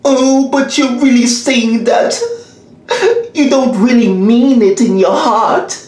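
A needy video game cast as a dumped lover, as a woman voices her, begging melodramatically to be taken back. The voice sits fairly high, and the comedy skit is recorded in a very echoey room. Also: takes it slowly, a little mellow. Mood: pleading. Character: jilted clingy video game as female lover.

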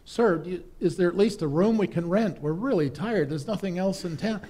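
A man voicing a tired, hungry male wanderer who begs politely and haltingly for food and a room. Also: high-pitched, warm tone, voice pushed up. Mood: pleading.

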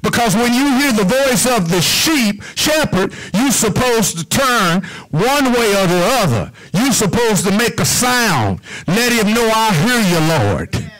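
High-voiced preacher man, rhythmic sermon. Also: animated, unhurried, hardly any pauses, a bit bright, poor audio. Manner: rhythmic, call-and-response preaching.

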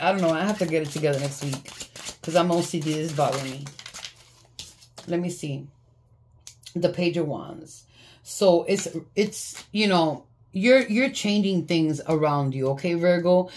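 With faint noise behind her, a woman with a fairly low, darkish voice does a casual tarot reading. She's blunt, swears freely and laughs often.

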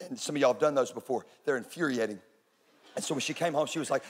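Texan man, forties, pastor; husky tone, storytelling sermon, long hall reverb. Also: mid-range voice, quick pace. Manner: storytelling, rises to loud preaching peaks. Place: church auditorium. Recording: large room with long reverb.

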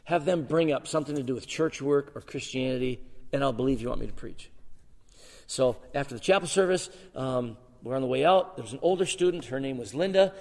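A guest pastor in his sixties preaches in a large church sanctuary, telling his personal story in an animated way with sudden shifts between loud and soft. His voice is medium-pitched and fairly quick.

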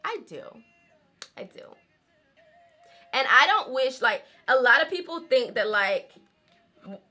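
A woman's voice: high voice, very animated, slow pace, bright, forceful tone, faint music behind. A woman, chatting casually to her viewers, laughing often and calling them y'all. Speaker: vlogger. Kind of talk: casual chat while doing her hair.

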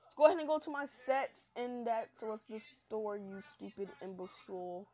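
A woman's voice: a little high, lively intonation, normal speed, mellow. A young woman hosting a casual gameplay video, chatty, hyped and self-mocking after staying up all night. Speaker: gaming channel host.

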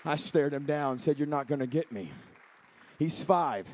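A man in his thirties preaching a sermon in a church, moving between quiet storytelling and shouted, fervent preaching. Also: a little high, normal speed, some chatter behind, a little hiss or hum. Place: church sanctuary.

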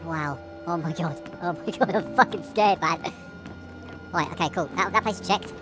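A woman's voice: on the low side, moderate pace, music in the background. A woman giving nervous, jumpy commentary while playing a horror game, swearing often and laughing through the fear. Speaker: let's play gamer.

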